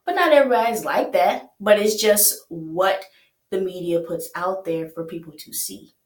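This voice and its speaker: A woman's voice: medium pitch, moderate pace, reverberant. A young woman hosting a reaction video, chatting casually, laughing often and asking rhetorical questions.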